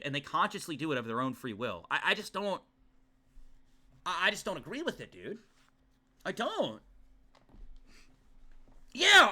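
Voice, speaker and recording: Male streamer, high and bright voice, ranting and swearing over a game, faint music underneath. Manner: excitable, ranting, swears often. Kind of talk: live game commentary.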